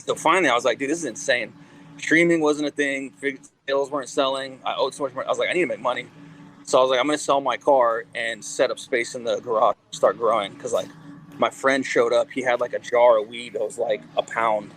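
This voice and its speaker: A man in a mid-pitched voice spins loose, rambling stories for an interview, swearing freely and packing every sentence with fillers. He slips into quoted dialogue as he goes, with faint background noise behind him. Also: steady tone, brisk, a bit bright, low-quality recording. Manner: rambling, profane, full of "like" fillers. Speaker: guest, cannabis company CEO and musician. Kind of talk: casual interview storytelling.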